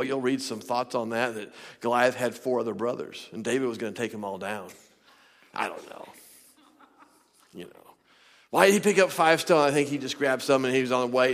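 A man preaching a sermon in a church, swinging between loud shouting and near whispers. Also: mid-range voice, long reverb tail. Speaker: pastor. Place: church sanctuary.

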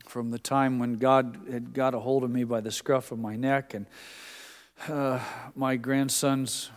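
Older male preacher in a reverberant hall. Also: medium pitch. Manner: conversational preaching with dramatic volume swings. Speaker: pastor. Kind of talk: sermon. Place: church sanctuary.

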